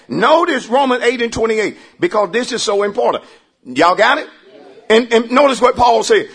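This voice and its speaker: High-voiced preacher guy, bright and husky, big swings, call-and-response. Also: lively intonation, moderate pace. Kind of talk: sermon. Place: church.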